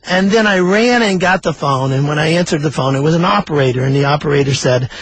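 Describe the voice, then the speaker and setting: An older man, a storyteller and author, telling a story in a folksy, animated way and acting out the dialogue. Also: on the high side, fast, hardly any pauses, slightly rough, no echo, poor audio. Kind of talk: oral storytelling.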